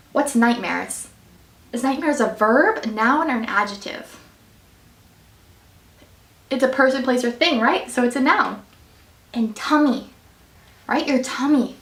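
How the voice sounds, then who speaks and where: Woman teacher, high encouraging voice, quizzing kids, recorded from afar in an echoey room. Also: lively intonation, measured pace, long pauses, far from the mic. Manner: bright, encouraging teacher voice with a singsong lilt. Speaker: student teacher reading a picture book. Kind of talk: reading aloud and quizzing children on grammar.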